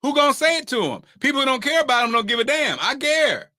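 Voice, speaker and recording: Bright, high-voiced man hosting a chat. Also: fast talker, dry recording. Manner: laughs through his points, animated storytelling. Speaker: podcast host. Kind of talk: casual chat.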